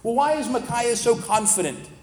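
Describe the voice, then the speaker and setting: A man with a notably high voice teaches through a Bible passage in a relaxed, explaining way. The sound is roomy, with a long reverb trailing each phrase as if recorded in a large hall. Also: normal speed, slight background noise. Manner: conversational, plain-spoken explaining.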